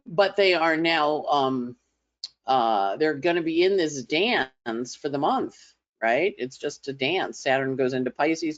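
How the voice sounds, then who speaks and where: A woman astrologer giving a casual weekly forecast, talking in a chatty, conversational way and slipping into playful voices as she imitates others. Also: low voice. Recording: slightly dull lo-fi audio.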